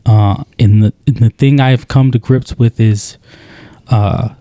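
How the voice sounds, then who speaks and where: A man co-hosting a podcast, talking earnestly in a casual conversation, with many halting restarts. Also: mid-range voice, steady tone, warm tone, dry recording. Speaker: podcast co-host.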